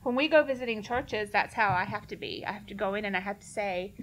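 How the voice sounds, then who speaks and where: Woman at a church conference Q&A, earnest and direct, mid-pitched, easy laugh. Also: fairly even intonation, fairly quick, few pauses, fairly bright tone. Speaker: conference speaker answering questions. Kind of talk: casual Q&A talk.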